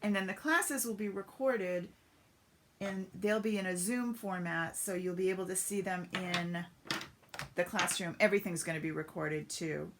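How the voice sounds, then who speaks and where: A woman's voice: on the low side, normal speed, a little hiss or hum. A woman giving a chatty step-by-step craft demonstration on a live stream, greeting viewers as she works. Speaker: papercraft demonstrator.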